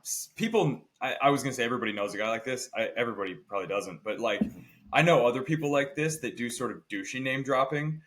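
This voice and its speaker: A man co-hosting a casual podcast, telling stories in an animated way and mimicking the people he describes. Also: medium pitch, fast. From Indiana. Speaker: podcast co-host. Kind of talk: casual chat.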